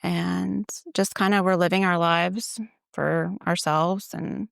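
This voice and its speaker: A woman's voice: fairly low pitch, steady tone, slow pace, creaky, a bit bright, dry recording, clean studio sound. A woman, a church ministry assistant, telling her faith story in a casual interview and quoting her own past thoughts as she goes. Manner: conversational, retelling with quoted inner thoughts.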